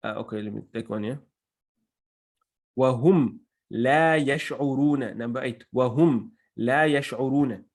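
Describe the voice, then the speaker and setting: A man's voice: mid-range voice, a little fast. Patient man teaching Arabic grammar. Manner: patient, explains step by step, mixes Arabic phrases into English. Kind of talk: classroom grammar lesson.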